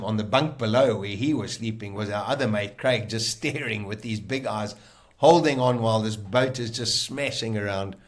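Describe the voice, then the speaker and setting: A man, a guest on a podcast, telling a personal story in a vivid, animated way and acting out the lines people said. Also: fairly low pitch.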